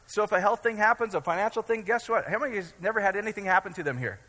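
A middle-aged pastor from Iowa delivers a casual, joking sermon, his high voice racing along with a bright, forceful tone. He's chatty and keeps checking in, often asking the congregation if they follow him. A long hall reverb hangs on the recording.

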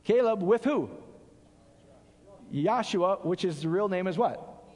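A male pastor preaching an animated sermon, quizzing his audience and answering his own questions. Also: high voice, slow. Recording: long hall reverb.

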